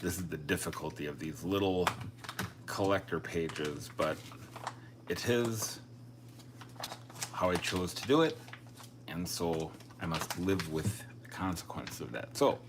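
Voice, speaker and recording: A man's voice: low voice, animated, a little slow, pauses often, background noise. A man chatting casually on a live stream, thinking aloud and joking at his own expense. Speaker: coin collecting live streamer.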